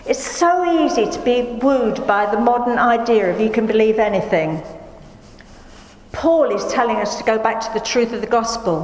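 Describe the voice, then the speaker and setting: Slow-preaching woman in an echoey hall. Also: fairly high pitch. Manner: slow, emphatic preaching with rhetorical questions. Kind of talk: sermon.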